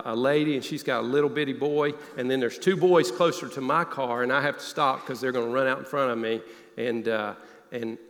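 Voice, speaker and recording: A man preaching a sermon, telling a personal story in an earnest voice that often drops low and quiet. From Northeast Alabama. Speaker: pastor. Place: church sanctuary. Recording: long hall reverb.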